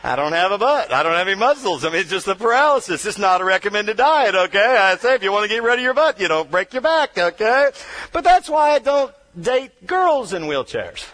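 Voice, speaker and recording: High-voiced man telling a dramatic story. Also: big pitch swings, brisk. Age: adult wheelchair user, paralyzed from injury. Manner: dramatic storytelling, swings from hushed to shouting; self-deprecating humor. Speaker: motivational speaker. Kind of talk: motivational speech.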